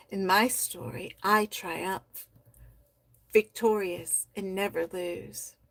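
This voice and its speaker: A woman at a middle pitch reads poems at an unhurried, lingering pace, soft-spoken and heartfelt. Between pieces she chats warmly about the writing as a poetry stream host. The sound is dry and close, with no room around it. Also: no room sound. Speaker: host of a poetry society livestream. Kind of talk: reading members' poems aloud and commenting.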